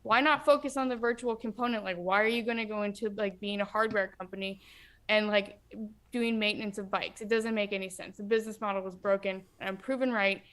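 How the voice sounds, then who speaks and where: A young woman talking in a loose, blunt way, piling on fillers as she rants. Her voice sits at a middle pitch and she talks like a guest in a casual podcast chat. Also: steady tone, a little fast, a bit bright. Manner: ranting, blunt, full of fillers.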